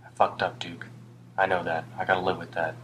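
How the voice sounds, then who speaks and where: In a rough recording with a faint background hum, a male reader plays a worn older homeless Briton who rambles with regret and self-blame, his deep, low voice sometimes dropping to a mutter. He speaks briskly and a bit brightly, with little pitch movement.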